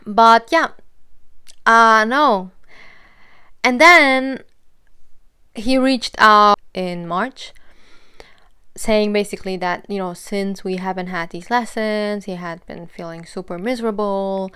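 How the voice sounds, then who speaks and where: A woman's voice: medium pitch, slow pace, long pauses, pushed and bright, clear, resonant tone. A woman in her twenties telling a personal story in a casual, chatty way, full of "like" and "you know". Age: 20s.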